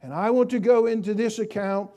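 A male pastor preaching a sermon in church, moving from quiet storytelling to loud, fervent praise. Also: high-pitched, a little fast. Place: church sanctuary.

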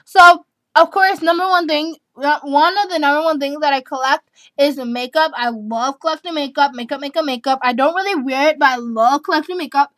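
Brief: eleven-year-old girl vlogger, high-pitched, chatty and giggly, dry close sound. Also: brisk, fairly bright tone, no echo. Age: child, eleven. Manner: chatty, giggly, rambling with restarts and repeats. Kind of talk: casual chat answering tag questions.

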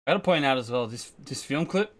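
A man's voice: mid-range voice, expressive, fairly quick, faint music behind. An Australian man hosting a reaction video, talking emotionally and casually, swearing a lot and restarting sentences.

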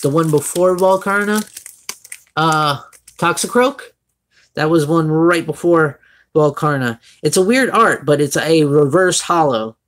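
A man's voice: a little high, measured pace, fairly bright tone. A young man from Florida with a Floridian Southern accent, chatting casually on a live stream as he opens card packs and greets viewers by name.

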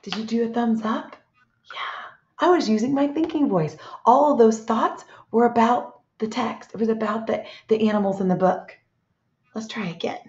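Woman, teacher, read-aloud lesson for small kids, gentle, expressive, asks questions, roomy, muffled lo-fi sound. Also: a little high, moderate pace. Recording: echoey room, dull lo-fi sound.

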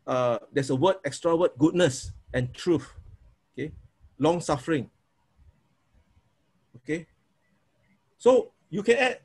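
With a slightly rough, somewhat high voice, a preacher teaches a sermon on prayer in an informal way. He repeats himself often and acts out prayers aloud as demonstrations.

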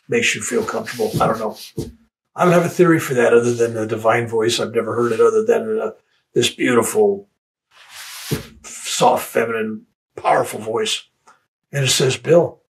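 Older man, gravelly voice, personal storytelling, halting, repeats words. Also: mid-range voice, rough recording. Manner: halting, repeats words when searching for them. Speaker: interviewee.

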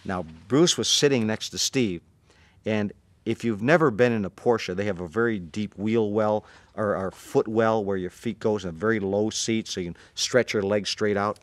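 A man, a martial arts instructor, telling an anecdote in an animated way and acting out the voices. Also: on the low side, normal speed, no echo. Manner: animated, acts out the voices in his story. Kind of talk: anecdotal storytelling.

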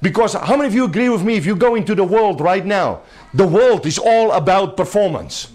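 A man with a notably high-pitched voice delivers a sermon to a small group gathered in a home. He preaches emphatically but conversationally, breaking into light laughter as he talks. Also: animated, fairly quick, a little mellow.

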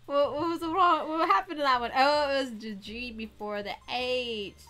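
A giggly young woman streaming games, her high voice bright and sharp as she chats and squeals. Faint music plays underneath her. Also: normal speed. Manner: giggly, excitable, bursts into squeals. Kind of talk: casual gaming livestream chat. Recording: music playing faintly behind.

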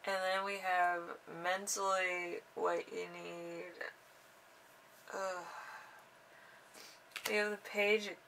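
Young woman, tarot reader, casual rambling, gravelly voice, slightly low pitch, faint background noise. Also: little pitch movement, fairly bright tone, recorded from a distance, rough recording. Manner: unhurried, rambling, drawn-out fillers.

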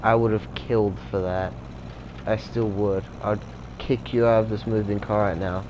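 A man's voice: lowish voice, fairly even intonation, moderate pace, background noise, lightly acted. A man voicing a curt, bitter young female crocodile in a video game, scolding in a dry tone.

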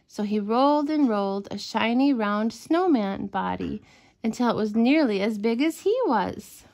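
A woman reading a bedtime story aloud to children, gentle and expressive. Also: a little high, measured pace, vocal fry.

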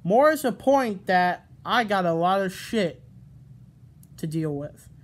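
A man's voice: sits high, animated, slow. A man ranting at his camera in a rambling, profane vlog, often stopping to restart and correct himself. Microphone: camera mic.

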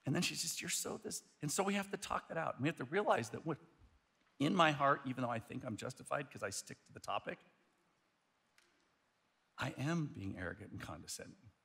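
A male pastor preaching a sermon, telling a story in an animated way, often restarting his sentences. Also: medium pitch, brisk, vocal fry, long pauses.

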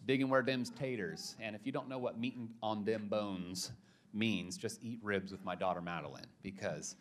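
A man's voice: on the low side, moderate pace, slight background noise. A young adult man, a pastor, giving a casual, joking sermon in a church and telling a story with lots of restarts.

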